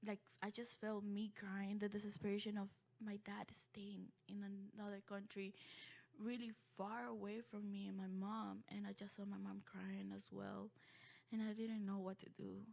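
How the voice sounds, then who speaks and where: A young woman from Ecuador telling a personal story in a halting, heartfelt way, full of fillers and restarts. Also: medium pitch, level tone, vocal fry, a little mellow.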